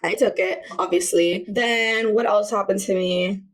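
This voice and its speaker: A woman's voice: medium pitch, steady tone, a little slow. Candid, rambling woman vlogger. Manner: candid and rambling, with slang and filler words. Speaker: self-help vlogger. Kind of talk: casual personal storytelling.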